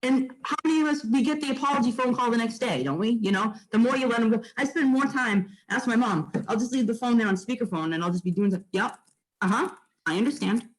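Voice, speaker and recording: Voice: mid-range voice, quick pace, few pauses, poor audio. A real estate agent, giving a casual, blunt training talk to fellow agents and full of fillers and mild swearing.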